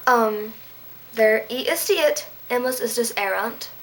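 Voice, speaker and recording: A woman's voice: fairly high pitch, expressive, normal speed, a bit bright, slight background noise, poor audio. Playful woman teaching Latin verbs. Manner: playful, goofy asides and self-deprecating jokes. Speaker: Latin tutor. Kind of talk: casual video lesson.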